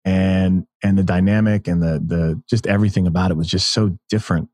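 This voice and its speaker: A man's voice: low-pitched, fairly even intonation, brisk, a little mellow, no echo. A man in his thirties from the United States, telling stories as a guest in a casual interview, enthusiastic and full of restarts. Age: 30s. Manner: storytelling, enthusiastic, many restarts. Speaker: podcast guest.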